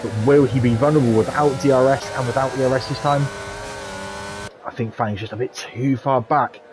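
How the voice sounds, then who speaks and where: A man doing lively play-by-play commentary for a sim racing league, chatty and quick to pull his co-host in. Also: medium pitch. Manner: chatty, excitable, asks co-host questions. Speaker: lead race commentator. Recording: noisy game car engine sound behind. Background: racing game engine noise.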